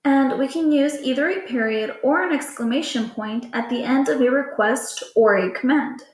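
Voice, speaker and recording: A woman's voice: high-pitched, normal speed. A woman teacher patiently explaining a lesson to children in a recorded class video. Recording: echoey room.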